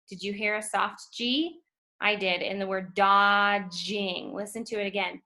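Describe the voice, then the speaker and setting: A woman teaching a phonics lesson to first graders, speaking slowly and clearly and stretching out letter sounds. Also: medium pitch, steady tone, pushed and bright. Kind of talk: phonics lesson for young children.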